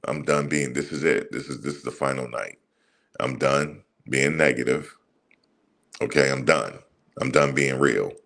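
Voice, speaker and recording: A man's voice: rumbling low, unhurried, vocal fry, fairly bright tone. A man hosting a sports channel, ranting heatedly and profanely in a casual monologue, repeating himself as he goes. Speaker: sports commentary channel host.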